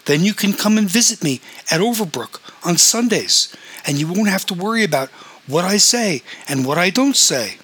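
A man voicing a shrill, scolding middle-aged mother in a story reading, snarling as she argues. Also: expressive, moderate pace, a bit bright, slightly rough, full character voice.

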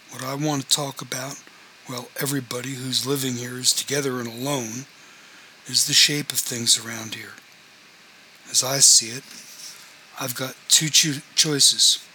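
A man's voice: medium pitch, fairly even intonation, a little slow, pauses often, sharp tone, slight background noise, rough recording. A man reading a novel aloud, voicing a confrontational man who lays down rules for his housemates in a firm, demanding way.

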